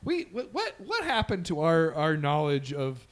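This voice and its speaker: A man's voice: fairly high pitch, wildly swooping pitch, normal speed. A man co-hosting a comedy podcast, chatting casually, joking and laughing often. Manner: jokey, laughs often, riffs in mock voices. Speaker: podcast co-host.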